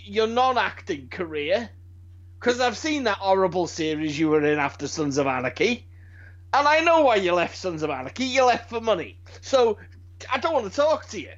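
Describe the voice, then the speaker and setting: A high-pitched man from Britain talks in a loose, rambling way, swearing and stumbling over his restarts. The recording sounds dull and lo-fi. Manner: rambling, animated, swears freely, frequent restarts. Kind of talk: casual chat.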